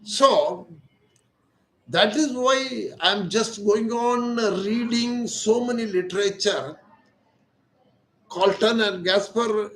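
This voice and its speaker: Slow older Indian surgeon lecturing. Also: male voice, high-pitched, a bit bright, echoey room, poor audio. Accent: Indian English. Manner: slow, deliberate, repeats key words. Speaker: ENT surgeon. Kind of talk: lecture-style explanation.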